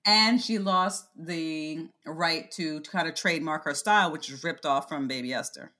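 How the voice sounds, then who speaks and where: Woman co-host, lower voice, wry storyteller, casual podcast chat. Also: normal speed, bright, forceful tone. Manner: wry, storytelling, laughs while talking.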